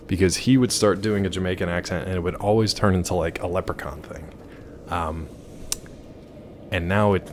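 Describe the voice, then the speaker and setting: A male game streamer casually telling a story to his chat, animated and laughing often. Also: low-pitched, a little hiss or hum. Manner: animated, laughs often, swings loud and quiet.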